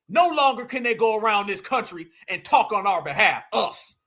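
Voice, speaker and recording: High bright-voiced guy ranting on a livestream, keeps saying fam, preachy. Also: expressive, normal speed. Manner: preachy, repetitive, calls audience fam. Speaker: livestream host. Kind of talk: fiery political livestream rant.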